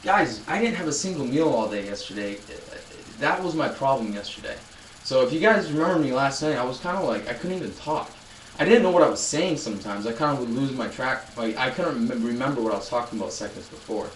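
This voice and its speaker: A man's voice: mid-range voice, expressive, a little fast, slight background noise. Rambling twenty-something man, echoey distant sound. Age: 20s. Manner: rambling storyteller, many restarts, talking to chat. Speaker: live streamer. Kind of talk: casual live-stream chat. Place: loud room.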